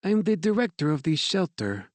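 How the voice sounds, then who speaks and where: A man's voice: on the high side, very animated, moderate pace, no echo, voice pushed up. A man voicing a middle-aged French woman who runs a shelter, speaking with a French accent in a polite, cool, protective way. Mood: polite, reserved.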